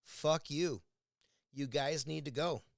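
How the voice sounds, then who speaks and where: A man's voice: a little high, takes it slowly, gravelly, no room sound, clean studio sound. Angry swearing American man ranting. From United States. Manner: angry, blunt, swears constantly. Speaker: vlogger. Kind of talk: profane political rant. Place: indoors at home, drinking a beer.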